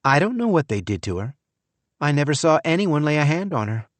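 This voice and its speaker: A man's voice: on the high side, big pitch swings, fairly quick, no echo, voice pushed up. A man voicing a cold, scheming young woman in an audiobook, with a breezy, offhand delivery. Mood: breezy, callous. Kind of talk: audiobook character voice.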